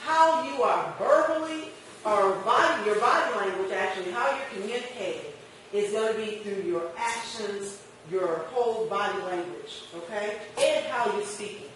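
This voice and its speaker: A woman's voice: medium pitch, moderate pace, a little hiss or hum. A woman teaching a marketing class, questioning her students and acting out little customer scenes. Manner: lively, questions the class and acts out customer exchanges. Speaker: marketing instructor. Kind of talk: classroom lecture. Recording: echoey room picked up from a distance.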